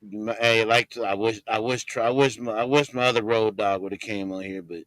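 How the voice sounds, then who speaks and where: A man's voice: lowish voice, steady tone, a little fast, a bit bright, no room sound, low-quality recording. A man hosting a casual podcast, laid-back and talkative, often repeating himself as he talks. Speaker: podcast host.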